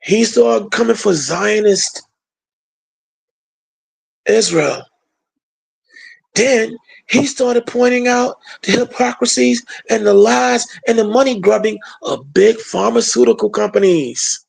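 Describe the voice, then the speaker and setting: Gravelly, sarcastic commentator. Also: mid-range voice, takes it slowly, pauses often. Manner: emphatic, colloquial, sarcastic. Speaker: political commentator. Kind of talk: opinion monologue.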